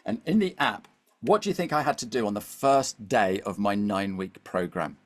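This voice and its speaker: A middle-aged man appears as a podcast guest, telling a story in a lowish voice at a moderate pace. He's lively and conversational, frequently checking in with "okay?" and "all right?".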